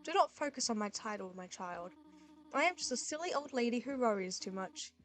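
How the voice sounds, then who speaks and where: Toriel, a woman voicing a gentle goat mother. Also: a little high, lively intonation, brisk, lightly acted. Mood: tender. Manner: soft, formal and caring. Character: gentle motherly goat-monster queen, kindly and fussing.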